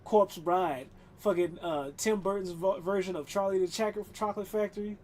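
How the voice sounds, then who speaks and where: Gaming streamer, casual chat, rambling and profane, frequent laughter, mid-pitched voice. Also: moderate pace, a little mellow, a little hiss or hum. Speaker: live streamer.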